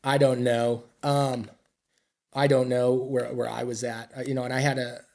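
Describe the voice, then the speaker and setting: Here the American veteran, middle-aged, has a creaky, darkish voice of medium pitch, with a level tone and normal speed. He's a podcast guest sharing war stories in a loose interview, rambling, profane, blunt and self-deprecating.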